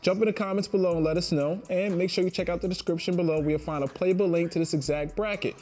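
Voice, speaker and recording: A man hosting a casual talk show, upbeat and quick to laugh. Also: high voice, darkish tone. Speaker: host. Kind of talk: casual podcast chat.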